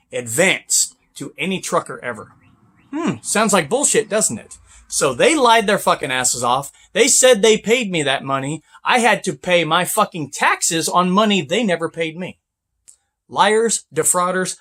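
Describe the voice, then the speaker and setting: Profane ranting trucker man, high lively voice. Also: normal speed. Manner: profane, sarcastic, bursts into shouting. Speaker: truck driver reviewing trucking companies. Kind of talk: angry ranting vlog.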